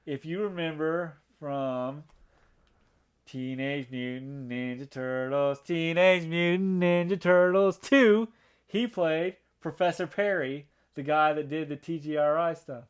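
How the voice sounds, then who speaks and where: A man talks through a movie on a podcast he co-hosts, his voice sitting slightly high. He rambles, stops and restarts, and leans on fillers. His enthusiasm comes across as that of an eager film buff. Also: unhurried, smooth. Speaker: podcast co-host. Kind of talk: casual movie review chat.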